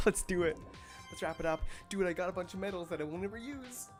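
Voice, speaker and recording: A woman's voice: fairly low pitch, expressive, brisk, music in the background. Woman muttering profane gaming commentary. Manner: profane, hyped, muttering to herself. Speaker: gaming streamer. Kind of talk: casual let's-play commentary. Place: home at night, speaking quietly.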